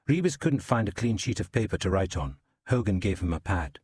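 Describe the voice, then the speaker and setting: Male crime-novel narrator, understated, husky, lively pitch. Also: fairly quick, few pauses, no room sound, clean studio sound. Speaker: audiobook narrator. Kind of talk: scripted narration.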